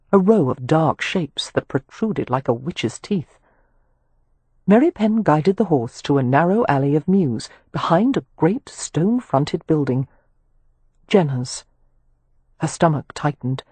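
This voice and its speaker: An audiobook narrator reading a period romance with expressive, measured storytelling. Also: mid-range voice, husky, no room sound.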